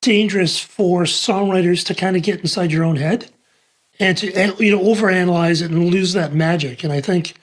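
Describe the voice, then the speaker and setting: A male co-host and songwriter with a fairly high voice. He talks in a rambling, playful way, circling his questions with fillers before landing them. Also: normal speed. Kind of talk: conversational interview.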